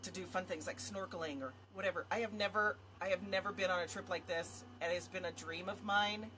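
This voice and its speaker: A woman's voice: on the low side, noisy background. A woman vlogging to her viewers in casual talk, effusive and rambling. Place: home area in Montana.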